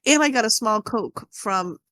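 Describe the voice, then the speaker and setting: Casting: rambling, chatty female podcast co-host, slightly high voice, dry close sound. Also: animated, normal speed, pushed and bright, no echo. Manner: rambling storyteller, full of "like". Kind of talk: casual chat.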